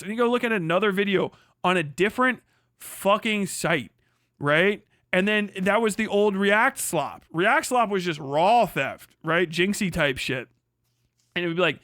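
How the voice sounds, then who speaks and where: A man's voice: sits high, expressive, normal speed, pushed and bright, clear, resonant tone, no room sound, studio quality. A man hosting a livestream, ranting casually and sarcastically with constant swearing and mocking quoted voices. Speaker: livestream host. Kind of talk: casual rant.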